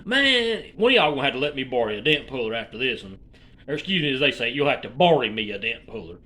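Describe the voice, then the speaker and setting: Man, forties, Alabama accent, bright sharp voice, casual profane rambling rant. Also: medium pitch, sing-song, fast. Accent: Alabama Southern US. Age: 40s. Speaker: vlogger.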